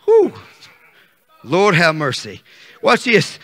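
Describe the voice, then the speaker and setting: A male pastor preaching a fervent sermon that rises to shouts, in a church sanctuary. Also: a little high, animated, brisk. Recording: long hall reverb.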